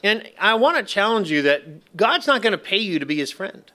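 A man preaching a sermon to a church congregation, with slow, emphatic phrasing broken up by playful asides. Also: high-pitched, very animated, pushed and bright. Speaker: pastor.

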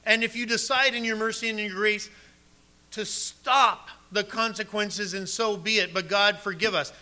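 Bright-voiced preaching male pastor. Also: steady tone, normal speed. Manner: emphatic preaching, drops low and soft on key words. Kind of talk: sermon.

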